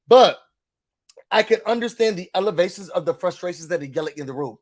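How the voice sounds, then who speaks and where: A man's voice: high voice, lively intonation, fairly quick. A man giving a casual recap rant as a YouTube reality TV commentator, emphatic and venting frustration, repeating his points.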